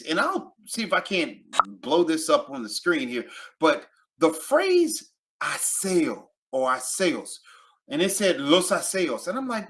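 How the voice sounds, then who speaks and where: A man, teaching travel phrases in a casual, animated video lesson and repeating each phrase. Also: sits high. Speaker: Spanish teacher.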